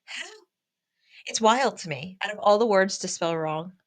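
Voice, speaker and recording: A woman co-hosting a podcast, chatting casually and chiming in with quick reactions. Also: medium pitch, lively intonation, dry recording. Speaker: pottery studio co-owner and podcast host. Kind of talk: casual chat.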